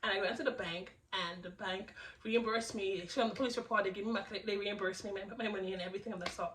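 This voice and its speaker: A young woman vlogger telling a storytime, animated and laughing, with lots of restarts. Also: mid-range voice, fast, far from the mic, a little hiss or hum, poor audio. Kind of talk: storytime narration.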